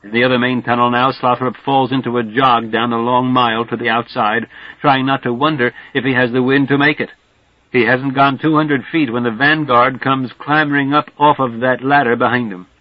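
A man reads a novel aloud in a steady, wry audiobook style, settling into the scene. His voice sits at an ordinary pitch. The recording is dry, with a dull, muffled top end. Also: normal speed, dry recording. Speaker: audiobook narrator. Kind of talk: literary audiobook narration. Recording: dull dry studio sound.

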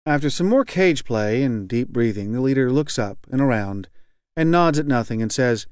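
A man reading a novel aloud as audiobook narrator, in a measured, wry, even delivery. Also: mid-range voice, clean tone, no echo, studio quality.

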